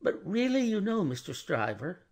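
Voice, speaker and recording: A fussy, mild older bank clerk, as a male narrator puts him on in an audiobook, hesitant and precise as he answers. The husky voice is pushed up high and moves widely in pitch. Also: very animated, moderate pace, darkish tone. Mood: flustered.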